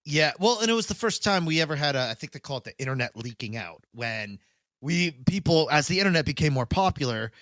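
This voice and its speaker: A man's voice: a little high, very animated, brisk, a bit bright, dry recording. A man co-hosting a podcast in casual chat, rambling with lots of fillers, swearing loosely and laughing often. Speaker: podcast co-host.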